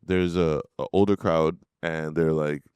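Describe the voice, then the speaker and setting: A middle-aged man telling a story in casual podcast chat, animated and acting out the people in it. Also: a bass voice, a little slow, clear, resonant tone, no echo. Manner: animated storyteller, laughs and acts out voices. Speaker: podcast host.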